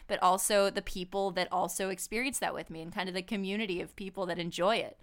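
A woman's voice: fairly low pitch, fairly even intonation, quick pace, a bit bright. A woman co-hosting a podcast in casual chat, reflective and using "like" often. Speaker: podcast co-host.

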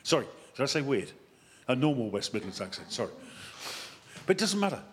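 A man, a vicar, giving a lively sermon that wanders into chatty, self-mocking asides. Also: mid-range voice, a little fast, slight background noise. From England. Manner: animated, chatty preaching with digressions and self-deprecating asides.

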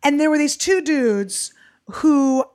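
A woman comedian co-hosts a casual podcast, speaking slowly in a high-pitched voice. She's an animated storyteller who acts out people's voices as she tells her stories.

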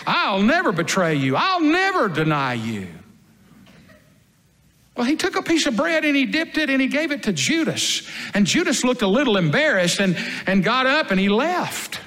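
A man playing the apostle Peter as a first-person dramatic monologue, telling the story earnestly and dramatically, moving between loud and hushed passages. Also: very high voice, big pitch swings, normal speed, exaggerated voice. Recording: long hall reverb.

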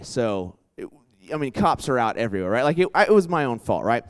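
A young man preaching in a loose, storytelling way to a live crowd, his clear, smooth voice bouncing up and down in pitch. He talks in a chatty rush of "like" and "right?", pausing to quiz his listeners. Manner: chatty and animated, full of "like" and "right?", quizzes the crowd. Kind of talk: casual storytelling sermon. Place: church hall with a live audience.

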